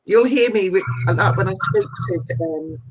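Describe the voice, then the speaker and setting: A husky, slightly breathy woman speaks from home over a video call. She is a chatty, animated guest, laughing easily as she talks. Her voice sits at an ordinary middle pitch. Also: moderate pace, rough recording. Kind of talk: casual conversation.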